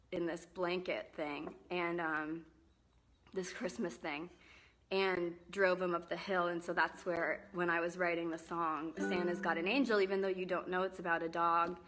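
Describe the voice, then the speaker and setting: Young woman, bright clear tone, casual rambling livestream chat, apologetic, handheld phone mic, at home. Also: fairly low pitch, little pitch movement, unhurried. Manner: rambling, apologetic, full of fillers and restarts. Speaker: singer-songwriter hosting a live stream. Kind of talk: casual live-stream chat. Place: indoors and outdoors at a home. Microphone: phone held in hand.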